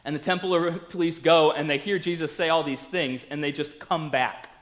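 A man preaching a sermon in a conversational way, telling the story with lively acted-out quotes. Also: on the high side, normal speed.

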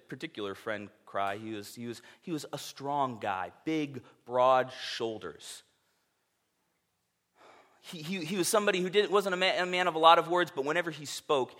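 Man, pastor, sermon, bright clear tone, casual and earnest. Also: fairly high pitch. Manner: casual and earnest, with filler words and restarts.

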